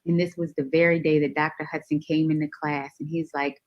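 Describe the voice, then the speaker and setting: A woman guest on a radio show, telling a personal story in a lively, expressive way and laughing easily. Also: low voice, brisk. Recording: dull lo-fi sound.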